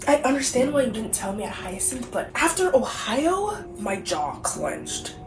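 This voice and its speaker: A woman's voice: on the high side, big pitch swings, a little slow, echoey room, recorded from a distance, over music, poor audio. Woman reading as a hurt, betrayed young man. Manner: dramatic book reading.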